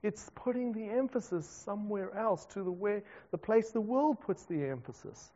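Preaching at normal speed, this South African pastor has a high-pitched, animated yet mellow voice. His conversational sermon includes self-deprecating asides, captured in a dull, reverberant hall.

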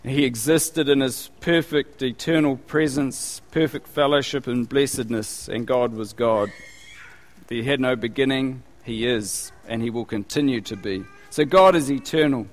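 A male preacher giving a conversational, animated sermon with acted asides. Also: on the high side, big-room sound.

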